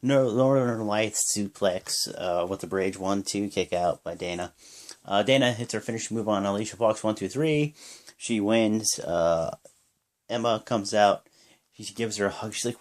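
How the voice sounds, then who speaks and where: A young man giving a casual, rambling play-by-play recap of a wrestling show, jumping into high yells when he acts out the wrestlers' lines. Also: unhurried. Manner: rambling with many fillers.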